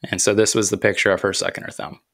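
A man's voice: lowish voice, flat delivery, vocal fry, a bit bright, no room sound, clean studio sound. A man in his thirties, a podcast host telling a personal story about faith and parenting in an earnest, reflective way. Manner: earnest, reflective, unhurried, with thoughtful pauses.

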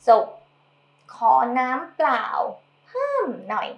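A woman's voice: high-pitched, wildly swooping pitch, fairly bright tone, dull audio. Woman teaching language in an echoey room. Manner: explains patiently, repeating and modelling words slowly. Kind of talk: casual language lesson.

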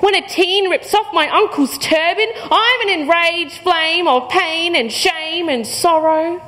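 A woman's voice: very high voice, unhurried, pushed and bright. A young woman with an Australian accent performing spoken word poetry to a live crowd, with rhythmic, rhyming, punchy lines and playful banter. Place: hall before a live audience. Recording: reverberant hall.

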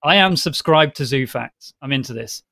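A man's voice: mid-range voice, lively intonation, creaky, pushed and bright, no echo. Dry-voiced man reading donation messages. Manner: reads messages aloud with quick laughs. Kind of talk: casual livestream chat.

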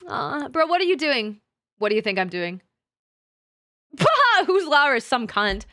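A woman's voice: a little high, huge pitch swings, takes it slowly, pauses often, pushed and bright, no echo, studio quality. A woman streamer chatting casually with her live chat, crude and teasing, laughing often.

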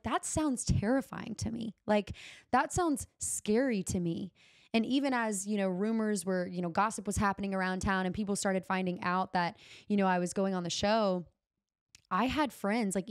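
Young adult woman, podcast host; heartfelt personal storytelling, mid pitch, dry close mic. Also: dry recording. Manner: earnest, heartfelt, uses Southern "y'all".

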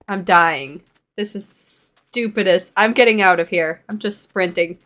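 A woman's voice: medium pitch, a little slow, fairly bright tone. A woman giving running commentary on her own gameplay, exasperated and self-mocking as she fails and retries. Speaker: gaming channel host.

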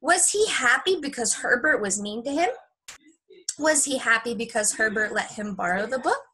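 A young woman teacher at home, recording a lesson and reading a story aloud to young kids in a chatty, lively way. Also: fairly high pitch, moderate pace, husky, poor audio.

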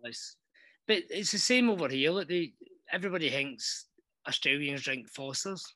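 A Scottish man calling in to a football podcast, blunt and sweary. His voice is bright and forceful. It sounds dry and close. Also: a little high, expressive, moderate pace, no echo. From Scotland. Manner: blunt, sweary, laid-back. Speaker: caller. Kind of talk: casual phone-in chat.

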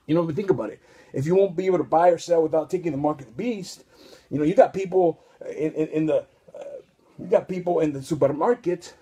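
A man's voice: fairly high pitch, vocal fry, mellow, breathy edge. A man preaching a casual, rambling sermon full of restarts and street slang.

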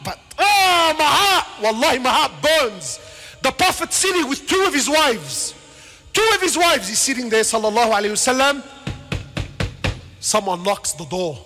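A man preaching a passionate sermon, swinging between shouted questions and quiet asides, with Arabic words and casual slang mixed into his speech. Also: very high voice, sing-song, normal speed, soft background music. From Lebanon. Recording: reverberant hall.

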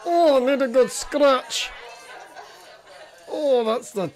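A man voicing a cheeky, excitable male bear in a comic voice-over, teasing, rude and prone to sing-song tra-la-las. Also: extremely high pitch, takes it slowly, a faint crowd, pitched above the performer's own voice. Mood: giddy. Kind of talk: comic voice-over of animal footage.

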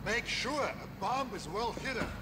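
An actor playing a smooth, menacing foreign businessman in a video game, with a condescending, insinuating delivery. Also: very high-pitched, lively intonation, heavy background noise. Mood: scheming. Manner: condescending, insinuating, slow deliberate phrasing. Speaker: game character. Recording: game audio under loud music.

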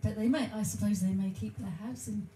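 A woman's voice: mid-range voice, a little fast, roomy sound. A woman co-hosting a home music stream, teasing her partner in casual banter. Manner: dry, teasing. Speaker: co-host and musician.

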